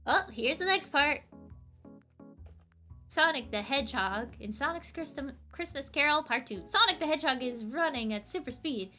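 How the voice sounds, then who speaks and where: A woman's voice: high-pitched, expressive, normal speed, pushed and bright, soft background music. Chatty young woman streamer. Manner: chatty, giggly asides. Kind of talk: live-stream comic reading.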